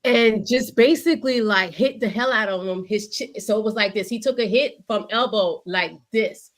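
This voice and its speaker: Animated, profane woman talking sports. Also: mid-range voice, moderate pace. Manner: animated, profane, acts out what players said. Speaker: podcast co-host. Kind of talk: casual sports chat.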